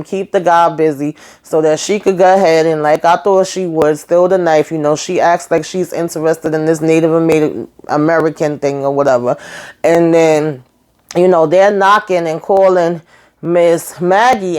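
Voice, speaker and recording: A woman's voice: low-pitched, a little mellow. A woman casually recapping a TV episode, chatty and sassy, calling her viewers girl and honey. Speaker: show reviewer recapping an episode.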